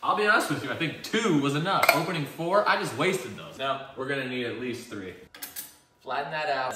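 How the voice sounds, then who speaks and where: A man's voice: on the high side, lively intonation, a little fast, roomy sound, recorded from a distance, very noisy. A man hosting a casual cooking vlog in a home kitchen, joking and self-deprecating as he rambles through the recipe.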